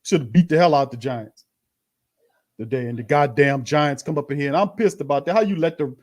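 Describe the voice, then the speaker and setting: A man's voice: fairly high pitch, brisk, darkish tone. A man hosting a sports live stream, ranting heatedly with frequent swearing and stammered restarts. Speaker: sports show host. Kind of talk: live-stream watch party rant.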